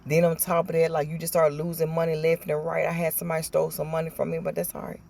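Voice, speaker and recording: A woman with a Southern American accent, telling stories in a chatty, animated vlog and acting out what people said. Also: deep voice, fast, creaky, a little hiss or hum. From Southern United States. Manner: chatty, animated storytelling with acted-out quotes. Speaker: vlogger. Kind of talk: casual chat.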